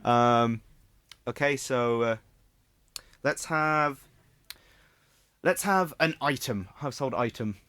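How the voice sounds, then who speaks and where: A young man hosting a student improv show, halting and stopping often to restart. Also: mid-range voice, fairly bright tone, clean tone, dry recording. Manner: halting, full of fillers and restarts.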